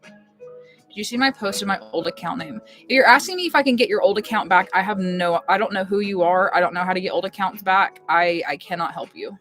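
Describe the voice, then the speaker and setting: A woman's voice: medium pitch, fairly quick, a bit bright. A woman chatting casually and frankly with her viewers during a live stream, reassuring and direct. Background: faint music playlist.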